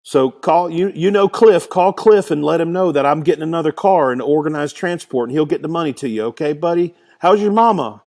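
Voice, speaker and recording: A man's voice: a little high, fairly quick, hardly any pauses, darkish tone, voice pushed up, lightly acted. A man putting on the voice of a friendly older Southern man with a North Carolina drawl, folksy and calling people son and buddy. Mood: easygoing.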